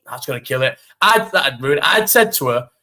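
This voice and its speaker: Young lad rambling to his stream chat, swears a lot, bright punchy voice, bit high. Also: brisk. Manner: animated, swears freely, talks to live chat. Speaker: live stream host. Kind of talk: casual storytelling chat.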